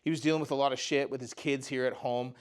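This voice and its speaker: A man's voice: medium pitch, fairly even intonation, quick pace, clean tone. A man giving a talk on mental health through a personal story. His delivery is casual and conversational, and he often adds "you know" and "right?".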